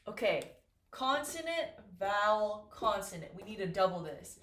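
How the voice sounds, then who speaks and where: A woman's voice: medium pitch, a bit bright, slight background noise. A woman teaching English, explaining grammar patiently and repeating key words while checking that her students follow. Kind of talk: slow, clear classroom explanation. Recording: echoey room.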